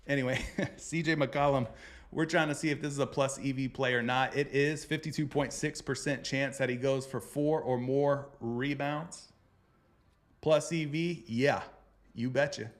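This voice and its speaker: A man hosting a casual sports betting picks show, speaking at a middle pitch. He talks loose and jokey, calls viewers brother, and rambles through numbers at his desk mic.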